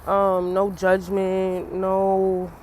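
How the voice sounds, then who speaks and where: A woman's voice: medium pitch, monotone, extremely slow, darkish tone, a little hiss or hum. A young woman talking to her camera in a casual personal vlog, chatty and loose, laughing often, her eyes swollen from crying, outdoors in the cold. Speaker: vlogger.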